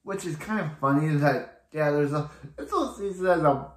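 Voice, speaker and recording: A man's voice: on the high side, moderate pace, reverberant. A man reviewing a TV episode in a casual, rambling recap full of restarts and filler words.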